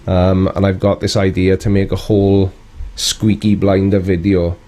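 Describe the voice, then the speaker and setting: A British man hosting a relaxed live stream, his voice low and warm. He talks in a loose, chatty way, greeting viewers and answering their comments with a dry, wry edge. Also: moderate pace. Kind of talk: casual live-stream chat.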